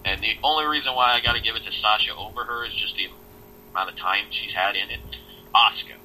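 A man's voice: lowish voice, fast talker, pushed and bright, slight background noise, poor audio. A man co-hosting a casual wrestling podcast, talking bluntly and swearing now and then. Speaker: podcast co-host. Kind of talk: casual chat.

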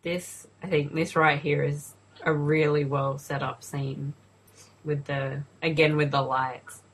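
A woman's voice: low voice, little pitch movement, takes it slowly, breathy edge, rough recording. An Australian woman chatting casually and swearing freely while commenting on a movie with a friend. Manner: swearing, laughing, filler-heavy chat. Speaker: co-host.

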